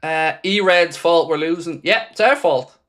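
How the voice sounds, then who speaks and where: Sarcastic football-fan host, slightly high voice. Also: male voice, unhurried, fairly bright tone. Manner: sarcastic, dry fan commentary. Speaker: watchalong host. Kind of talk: live football watchalong chat, reading viewer messages.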